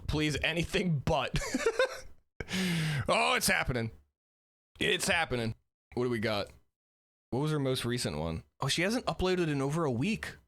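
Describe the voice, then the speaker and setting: Lively, animated male streamer. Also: a little high, moderate pace, long pauses. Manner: animated, laughing, swearing. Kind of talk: reaction stream commentary.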